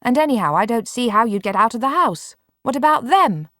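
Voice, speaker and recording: A woman's voice: fairly high pitch, very animated, fairly quick, bright, forceful tone, no room sound, pitched above the performer's own voice. Woman narrator plays bedridden boy, curt and exasperated, close, dry audiobook read. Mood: impatient. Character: bedridden boy, impatient and grudging. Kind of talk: audiobook character reading.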